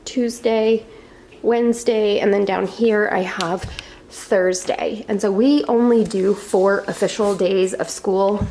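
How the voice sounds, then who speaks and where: A woman's voice: medium pitch, creaky, darkish tone, slight background noise. A young woman chatting casually through a home tour, rambling with fillers and asides, a little out of breath. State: slightly out of breath. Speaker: homeschooling mom vlogger. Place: home living room.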